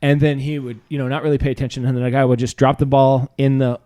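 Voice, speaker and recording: A man's voice: medium pitch, little pitch movement, fast, dark tone, no room sound, studio quality. A man co-hosting a podcast, bantering casually and playing stories for laughs with silly voices. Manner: jokey, hums tunes and does silly voices in his stories. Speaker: podcast co-host.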